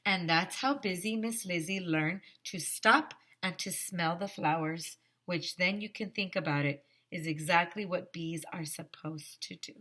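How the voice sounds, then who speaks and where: A woman teacher reading a picture book aloud to young children, expressive and stopping to ask the class questions. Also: lowish voice, unhurried, few pauses.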